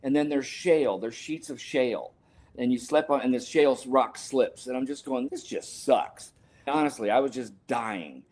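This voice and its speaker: On a podcast, a guest who is a sports scientist and author, an older man, tells a story from his own life at a moderate pace. His medium-pitched voice is a little mellow, and his telling is earnest and emotional, with occasional self-corrections.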